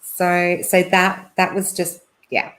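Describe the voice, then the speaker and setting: A middle-aged woman, a podcast guest, telling a personal story in a chatty way, with lots of fillers and quick laughs. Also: lowish voice, level tone, fairly bright tone. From Australia. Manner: chatty, laughs often, many fillers and restarts.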